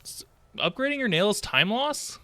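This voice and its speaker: A man's voice: high-pitched, very animated, unhurried, bright, forceful tone, no echo. A man streaming a game, chatting casually and mumbling self-deprecating remarks as he plays. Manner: self-deprecating, mutters to himself while playing. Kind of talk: casual gameplay commentary.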